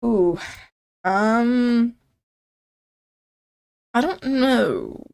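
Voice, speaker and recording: A woman's voice: mid-range voice, lively intonation, moderate pace. A young woman streaming a game, chatting playfully with her viewers and reading the on-screen text aloud. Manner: playful, chatty, reacts and jokes with chat.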